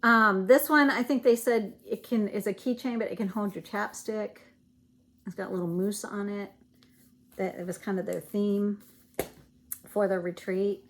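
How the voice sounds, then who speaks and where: A woman's voice: medium pitch, steady tone, moderate pace. A woman with a Southern US accent chatting casually as she shows stitching goodies in a vlog, rambling with fillers and self-corrections. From Virginia, US. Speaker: cross-stitch vlogger. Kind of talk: casual show-and-tell chat.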